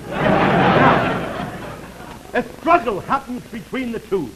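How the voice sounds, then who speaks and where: A man's voice: high-pitched, sing-song, moderate pace. A middle-aged comedian telling a rambling, self-interrupting comic story for a sponsor, laughing at his own jokes. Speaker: comedian doing a sponsored pitch. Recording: noisy vintage 1940s broadcast recording.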